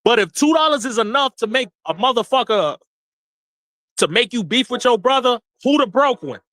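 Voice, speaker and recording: Man, young adult, livestream rant, bright, dry close mic. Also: very high-pitched, moderate pace, dry recording. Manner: animated, laughing, swearing, repeats himself. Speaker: livestream host.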